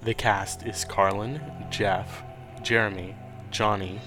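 Brief: low-pitched male game master, measured narration. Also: fairly even intonation, over music.

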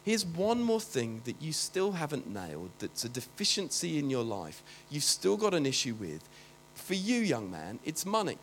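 A man preacher voicing a calm, gentle male teacher who speaks softly and firmly. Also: fairly high pitch, normal speed, a little hiss or hum, pitched below the performer's own voice, poor audio.

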